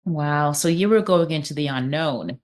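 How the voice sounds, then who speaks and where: Low-voiced woman interviewer. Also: normal speed. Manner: short affirmations and gentle follow-up questions. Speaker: host.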